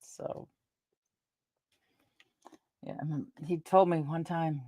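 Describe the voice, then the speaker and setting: A woman's voice: deep voice, fairly even intonation, slow pace, warm tone, no echo. A middle-aged woman chatting casually to her viewers, rambling through personal stories and laughing along the way. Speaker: vlogger.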